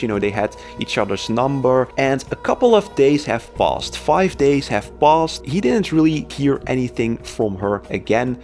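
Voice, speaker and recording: A man's voice: medium pitch, darkish tone. A man casually narrating a storytime video in a loose, chatty way with everyday fillers. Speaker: storytime YouTuber.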